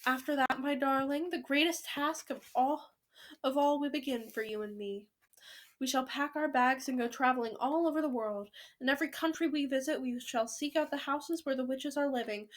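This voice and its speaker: A woman voices a spirited old grandmother in a children's story. She speaks briskly and with force, full of bold plans, in a fairly high voice. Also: lightly acted. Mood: determined.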